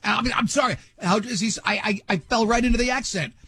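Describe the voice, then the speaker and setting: A man's voice: high-pitched, fast talker, sharp tone, husky, dry recording. A male radio host in casual talk, rambling and teasing, often stumbling over his own sentences. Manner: rambling, self-interrupting, teasing.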